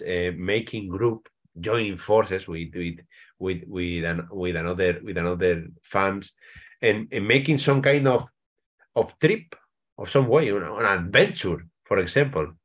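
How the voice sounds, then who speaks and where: A man from Spain with a Spanish accent, an author guest in a casual interview, speaking English haltingly with many restarts and repeated words. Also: fairly low pitch, fairly bright tone.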